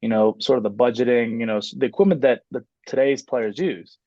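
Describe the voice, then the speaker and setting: A man's voice: mid-range voice, fairly quick, warm tone, no room sound, muffled recording. A man in his twenties, a basketball coach, chatting casually as a podcast guest and rambling with many fillers and restarts. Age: 20s. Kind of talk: casual interview chat.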